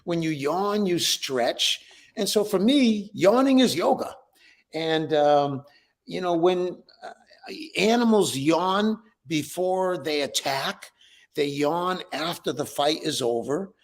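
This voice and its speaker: A man's voice: fairly high pitch, takes it slowly. An older man, a breathwork teacher, answering interview questions with enthusiasm and frequent restarts. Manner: enthusiastic, repeats words when starting.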